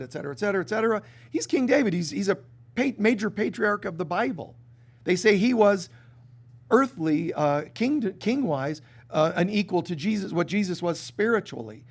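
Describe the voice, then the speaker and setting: A man giving a sermon to a live congregation, talking casually and animatedly, acting out little quoted exchanges. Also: high-pitched. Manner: conversational and animated, with many restarts and acted-out quotes. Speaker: spiritual teacher. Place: stage before a live congregation.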